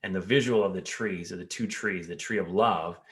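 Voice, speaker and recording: A man's voice: low-pitched, a little fast. A man in an interview who explains health ideas in an earnest, coaching way, now and then acting out the words of his patients. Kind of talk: interview conversation.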